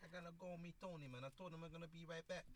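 A man's voice: fairly high pitch, steady tone, rapid-fire, pitched above the performer's own voice, natural voice. A man putting on the voice of a brash New York mafia wannabe, with a swaggering tough-guy drawl.

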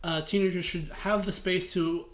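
A man's voice: sits high, steady tone, moderate pace, fairly bright tone. A man in his late twenties co-hosting a podcast, talking casually with lots of fillers and hedging. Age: late 20s. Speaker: podcast co-host. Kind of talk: casual chat.

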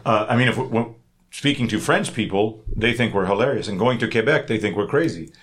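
A man from Canada hosting a casual podcast, telling lively stories and acting out quoted people in funny voices. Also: on the low side, fast talker. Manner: animated storyteller, acts out quotes in funny voices. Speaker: podcast host.

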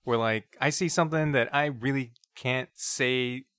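A man's voice: medium pitch, unhurried, fairly bright tone, smooth, dry recording. A male podcast host chats in a loose, easygoing way, drifting into asides as he talks. His voice sits close and dry, with no room sound around it. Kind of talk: casual chat.

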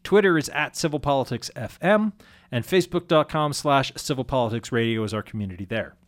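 Casting: male community radio host, mid-pitched, loose and rambling, self-deprecating. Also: animated, fairly quick. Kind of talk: casual radio chat.

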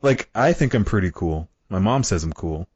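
A man's voice: sits low, normal speed, husky, no room sound. A man guesting on a podcast, chatting casually, hesitant and full of "like" fillers. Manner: animated, hesitant, many "like" fillers. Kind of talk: casual chat. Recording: dry dull lo-fi sound.

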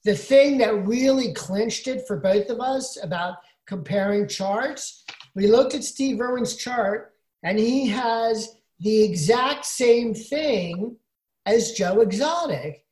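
A woman's voice: on the high side, slow pace, darkish tone, echoey room. A woman co-hosting a casual podcast chat, explaining things at length in a rambling way. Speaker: podcast co-host.

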